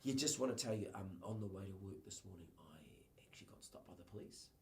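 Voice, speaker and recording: A man putting on the voice of a shy, quiet young man in his twenties while retelling a story, dropping to a breathy hush. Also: fairly low pitch, fast talker, a little hiss or hum, lightly acted. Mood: timid, hushed.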